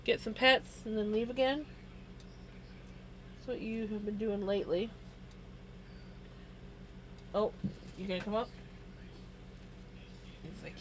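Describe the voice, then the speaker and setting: A woman's voice: fairly high pitch, slow, pauses often, a little hiss or hum. A woman streaming from home, chatting casually and laughing often between remarks. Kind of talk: casual chat while streaming.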